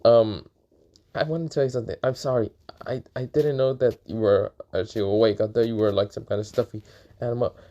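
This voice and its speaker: A man's voice: mid-range voice, fairly even intonation, brisk, warm tone, highs cut off, close to an everyday voice. A man voicing a shy, flustered schoolgirl who stammers and hesitates. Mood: apologetic. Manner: stuttery, hesitant.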